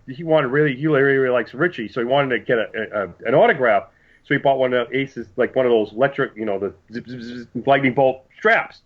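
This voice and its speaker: Casual podcast co-host, male, slightly high voice, muffled lo-fi audio, lively anecdote teller. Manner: animated storyteller, acts out quotes. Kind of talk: casual chat. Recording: dull lo-fi sound.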